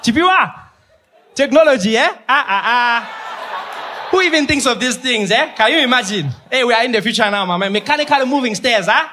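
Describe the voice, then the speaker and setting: A man doing a wonderstruck fellow gasping over modern machines, chuckling and tossing out rhetorical questions in a high, lively voice. There is a faint hiss in the background. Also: moderate pace, exaggerated voice. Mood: awed. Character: wide-eyed man marveling at new technology. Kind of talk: stand-up impression.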